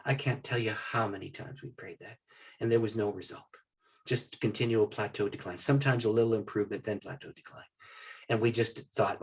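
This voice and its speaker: Guy pastor telling a story on a podcast, husky voice, acts out the other people in it. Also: on the low side, brisk. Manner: animated storyteller who acts out what others said.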